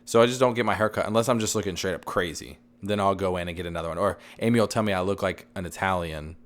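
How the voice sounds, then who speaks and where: A man in his thirties co-hosting a casual podcast, rambling and loud, his voice fading in and out. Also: deep voice, quick pace. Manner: rambling, loud, says he is yelling and redlining. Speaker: podcast co-host. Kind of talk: casual chat.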